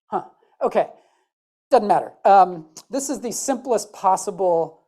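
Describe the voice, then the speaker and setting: Speaking at a medium pitch, she sounds animated yet unhurried, with a mellow quality. She's a Midwestern woman with a matching accent, delivering a chatty conference talk on stage, joking and poking fun at herself.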